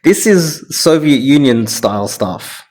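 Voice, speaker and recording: A man's voice: mid-range voice, expressive, a little slow, a little mellow. A man with an Australian accent giving reaction commentary in a ranting, sarcastic manner.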